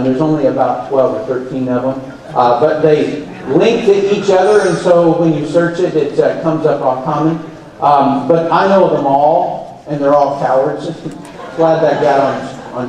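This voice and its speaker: A man with a fairly high voice addresses a conference crowd, telling animated stories and putting on voices for the people he quotes. He sounds distant from the mic, and his voice rings through a big, echoey hall. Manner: animated storyteller who acts out quoted dialogue. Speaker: conference speaker. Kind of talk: live motivational talk. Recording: very echoey hall, heard from far off. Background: audience laughter.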